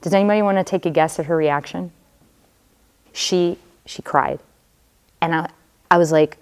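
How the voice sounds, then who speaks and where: A woman's voice: fairly low pitch, normal speed, pauses often, smooth. A woman, a religious sister, giving a personal testimony to students in a conversational storytelling manner, speaking straight to them with casual fillers.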